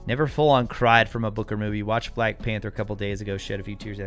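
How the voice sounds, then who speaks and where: An American man hosts a live stream, casually chatting and answering viewer comments with frequent chuckles. His voice sits on the low side, a bit bright, with fairly even intonation and a quick pace. Faint music plays behind him.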